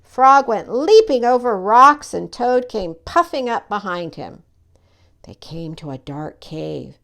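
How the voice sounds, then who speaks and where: A woman reading a children's picture book aloud in an expressive, animated way. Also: mid-range voice, creaky. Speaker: storyteller.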